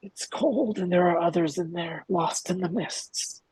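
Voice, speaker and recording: A man's voice: high voice, darkish tone, husky, voice pushed up, exaggerated voice, poor audio. A man voicing a frightened teenage boy just brought back to life, who stammers and halts as he speaks. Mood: dazed. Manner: halting, stammering.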